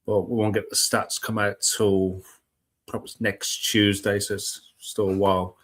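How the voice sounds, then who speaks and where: A man's voice: fairly low pitch, flat delivery, a little slow, a bit bright. Chatty man hosting a weather stream. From United Kingdom. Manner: chatty, self-mocking, greets viewers one by one. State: just over a cold. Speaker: host of a weather live stream. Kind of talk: casual live-stream chat. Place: home room with cats and laptop. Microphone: laptop live stream.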